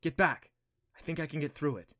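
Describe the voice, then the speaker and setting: A man voicing a wild, urgent banshee girl who talks quickly and gives commands. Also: a little high, pushed and bright, no room sound, studio quality.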